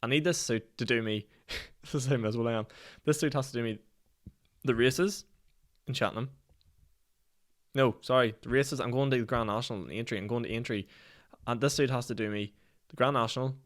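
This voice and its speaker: Speaking at a fairly quick clip in a mid-range voice, this man from Northern Ireland runs his own podcast alone. He's in his twenties and fills the casual chat with meandering, self-mocking tales, frequent curses and plenty of laughter.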